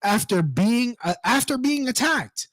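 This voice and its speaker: A man's voice: very high-pitched, very animated, measured pace, a bit bright, no room sound. A man reading a news story aloud and ranting about it, profane and indignant, breaking off to mock the people in it. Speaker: online commentator.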